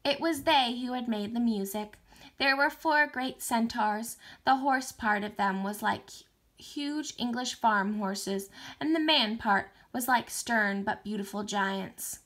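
A woman teacher reading a novel aloud for distance learning, expressive, with small slips and restarts. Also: fairly high pitch, slow.

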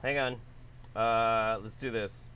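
A man's voice: lowish voice, steady tone, slow pace, bright, forceful tone, slight background noise. A man doing sarcastic, mocking reaction commentary, swearing freely. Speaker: commentary YouTuber.

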